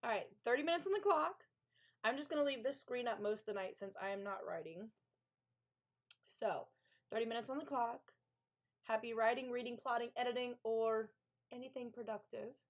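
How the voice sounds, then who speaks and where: A woman's voice: a little high, moderate pace. A woman author hosting a co-working live stream, chatting casually, gushing and talking back to her chat.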